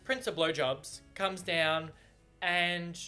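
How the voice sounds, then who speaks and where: Chatting casually into his camera mic, a book reviewer reacts to a book he's reading, bubbly and giggly, with plenty of fillers and restarts. His voice sits high and bright, with a steady, forceful tone and a slow pace. Faint music plays behind him.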